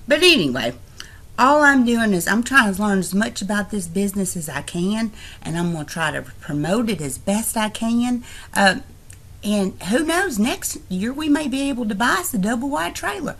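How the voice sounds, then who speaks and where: A woman's voice: mid-range voice, vocal fry, fairly bright tone, breathy edge, full character voice. A woman voicing a folksy, uneducated trailer-park country woman who rambles in a homespun way. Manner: rambling, homespun, breaks off to holler at family.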